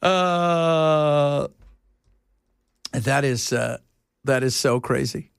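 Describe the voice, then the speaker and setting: Clean, dry studio audio captures a gravelly, rather high male voice speaking very slowly. He hosts a talk radio show, bantering casually and telling stories animatedly, slipping into silly voices and laughing.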